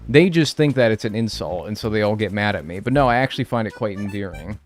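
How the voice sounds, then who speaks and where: Lively, joking male streamer. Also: lowish voice, fast talker, faint music behind. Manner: joking, chatty, replies to chat. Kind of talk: casual live-stream chat while gaming. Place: his room, indoors.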